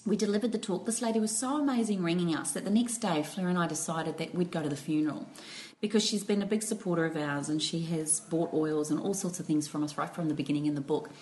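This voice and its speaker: A middle-aged woman telling a long story on a podcast. She talks in an animated way and keeps slipping into giggles. Faint noise sits behind her voice. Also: fairly low pitch, fast talker, hardly any pauses, rough recording. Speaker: podcast co-host. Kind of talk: storytelling in casual chat.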